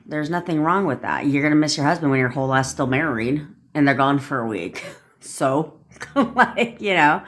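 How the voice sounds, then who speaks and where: A woman with a low voice rants on a livestream as a coach. Her talk is blunt, loose and full of swearing, and she breaks off to greet and answer commenters by name. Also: fairly bright tone. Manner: blunt and profane, chatty, answers viewers by name. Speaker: manifestation coach hosting a livestream. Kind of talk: casual livestream rant and coaching.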